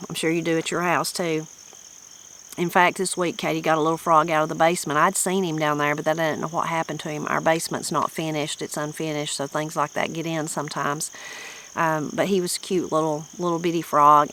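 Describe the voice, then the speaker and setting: A woman's voice: low-pitched, a bit bright, rough recording. A woman with a Southern Appalachian accent, a channel host chatting about a book in a folksy, rambling, reflective way. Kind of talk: casual book-discussion chat.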